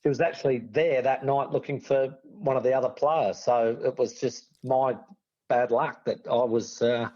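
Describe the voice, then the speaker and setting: Australian man telling animated stories. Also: medium pitch, moderate pace, lo-fi sound. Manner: animated anecdotes, loud put-on voices for friends. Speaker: guest. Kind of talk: storytelling on a podcast.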